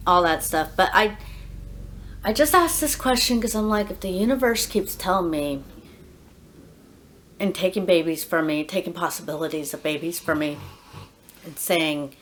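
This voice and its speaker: A young adult woman talking candidly in a casual personal vlog, rambling with many fillers and soft laughs. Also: low voice, slight background noise. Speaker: vlogger, dog groomer.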